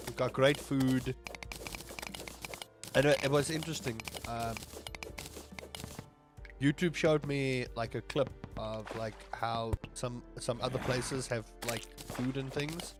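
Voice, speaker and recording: A man's voice: mid-range voice, fairly even intonation, measured pace, long pauses, over music. A young man with a South African accent, chatting casually to his viewers while playing a game on a livestream, rambling and joking as he goes. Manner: rambling, jokey, talks to chat while playing. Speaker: streamer. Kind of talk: casual gameplay livestream chat.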